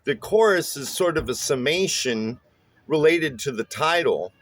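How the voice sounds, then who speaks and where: A man's voice: on the high side, animated, a little slow, no room sound. A man teaching songwriting in a casual spoken lesson, explaining loosely with many "uh"s and "right?"s. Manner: loose explaining with many fillers and tag questions.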